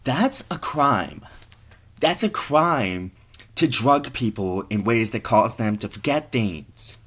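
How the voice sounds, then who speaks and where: A man's voice: on the low side, unhurried. A man voicing a blunt, judgmental young woman who scolds her friend. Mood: scolding.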